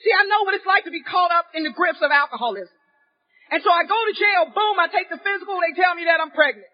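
High-voiced woman telling her story, lo-fi. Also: fast. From Cincinnati, Ohio, USA. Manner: lively, candid storytelling with wry humor, sometimes raising her voice. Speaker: recovery convention speaker. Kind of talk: personal recovery story told to an audience. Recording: dull lo-fi live recording.

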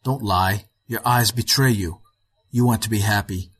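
A weary, aging physicist, as a male reader puts him on, speaking flatly and roughly in a husky, low voice. He sounds worn down and grim, a storybook figure who has long since given up hope. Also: moderate pace. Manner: flat, rough delivery.

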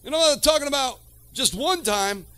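A man preaching a sermon in a strikingly high voice. He drops to quiet, drawn-out phrases and then rises to shouts, calling out to the congregation. The sound is dry and close. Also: lively intonation, dry recording. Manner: calls to the congregation.

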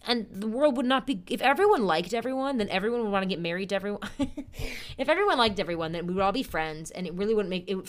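A young woman in her twenties hosting a casual solo podcast, talking in a bubbly, chatty way with playful asides and frequent laughs. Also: medium pitch. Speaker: podcast host.

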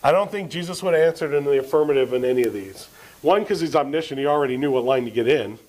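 High-voiced pastor preaching to a congregation. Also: male voice, fast talker, darkish tone, rough recording. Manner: asks the congregation questions and answers them; reads scripture aloud with rising emphasis. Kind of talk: sermon. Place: church service.

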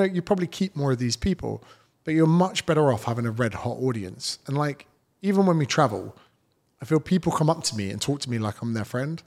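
A man's voice: medium pitch, animated, fairly quick, a little mellow. A British man, a fitness trainer, telling stories as a guest in a casual podcast interview, blunt and swearing freely.

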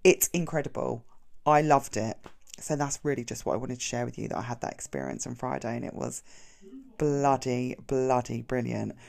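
A woman's voice: very deep voice, gravelly. A woman hosting her own podcast, talking chattily and effusively in a casual solo monologue. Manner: chatty and effusive, quick swings in loudness. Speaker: podcast host.

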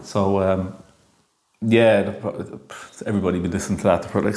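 A man's voice: sits low, fairly even intonation, brisk, darkish tone. An Irish man in his thirties telling a rambling, jokey monologue, hesitant and full of ums. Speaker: monologue talker. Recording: echoey room.

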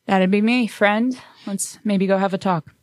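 A woman's voice: medium pitch, steady tone, a little slow, no echo, clean studio sound. A woman playing in a tabletop game, brash and joking as she talks in character. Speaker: player. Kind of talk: casual tabletop play.

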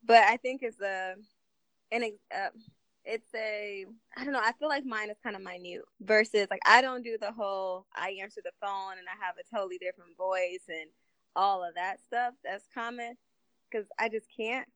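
A young woman chatting casually in a group conversation, laughing often and telling stories with animated energy. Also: mid-range voice, moderate pace, smooth, no room sound.

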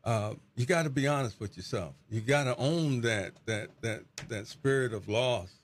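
A man's voice: mid-range voice, normal speed, a little hiss or hum. A middle-aged man, a pastor, giving an earnest, reflective testimony as an interview guest and often repeating words as he searches for them.

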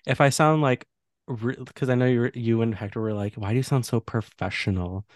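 A man's voice: medium pitch, fairly even intonation, brisk, dry recording, clean studio sound. A young man with a Chicago accent, co-hosting a podcast in easygoing casual chat with lots of fillers. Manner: easygoing, many fillers, playful. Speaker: podcast co-host.

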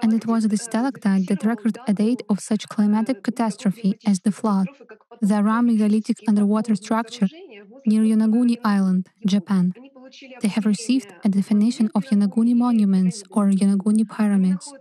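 A woman giving a prepared presentation as a panel participant, steady and informative. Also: mid-range voice, a little fast, poor audio.

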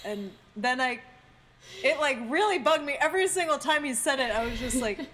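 A young woman co-hosting a casual chat, sardonic and quick to laugh, with casual swearing. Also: high voice, lively intonation, fairly bright tone, slight background noise. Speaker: podcast co-host.

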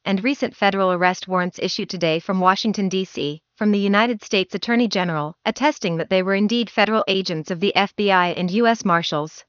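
A woman's voice: medium pitch, fairly bright tone, no room sound, dull audio. A woman from Canada delivering a scripted, formal news report as a field reporter, with wordy phrasing.

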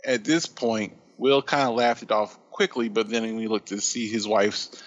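A man's voice: on the low side, steady tone, normal speed, dull audio. A man co-hosting a casual podcast chat, telling a story in a rambling, profane way. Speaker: podcast co-host.

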